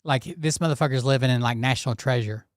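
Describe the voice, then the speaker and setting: A man's voice: mid-range voice, fast talker, very noisy. A man hosting a commentary show, talking casually in a blunt, profane and sarcastic manner. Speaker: commentary channel host.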